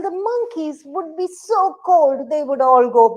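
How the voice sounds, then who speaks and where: A woman's voice: on the high side, a little slow, hardly any pauses. A woman telling a children's story aloud, with sound effects and questions for the audience.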